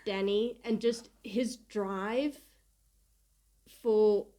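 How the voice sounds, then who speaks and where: A woman's voice: mid-range voice, steady tone, drawn-out words, mellow. A woman chats casually on a book podcast, sharing her views with a giggly, self-deprecating manner. She hunts for words and laughs at herself along the way. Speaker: podcast co-host and reader.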